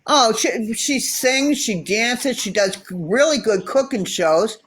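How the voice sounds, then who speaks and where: A woman's voice: a little high, expressive, slow, breathy edge. Middle-aged American woman, chatty storyteller with blunt opinions, phone livestream guest. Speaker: guest caller. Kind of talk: casual livestream chat.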